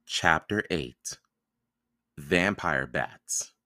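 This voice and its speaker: A man reading a children's chapter book aloud for a podcast, in calm, even storytelling narration. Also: extremely low pitch, extremely slow, no echo, studio quality. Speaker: podcast reader.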